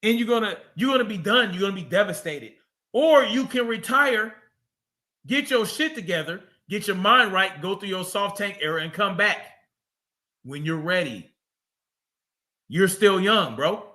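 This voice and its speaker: A man's voice: high voice, expressive, normal speed, bright, forceful tone. A man hosting a livestream, reacting to a clip with profane, mocking casual commentary. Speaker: livestream host.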